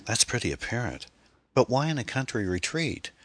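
A man's voice: mid-range voice, sing-song, moderate pace, a bit bright, breathy edge, no echo, pitched above the performer's own voice. A man voicing a curious, polite woman who asks eager questions in a storybook reading. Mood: inquisitive. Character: curious polite woman, inquisitive and easily impressed.

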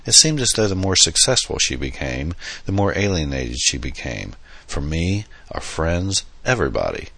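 A man voicing a charming elderly French gentleman with a heavy French accent, courtly and flattering, in an audiobook reading. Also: very deep voice, normal speed, creaky, breathy edge, no room sound, heavily acted. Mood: wistful. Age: older. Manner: courtly, flattering, slightly theatrical. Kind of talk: audiobook character voice.

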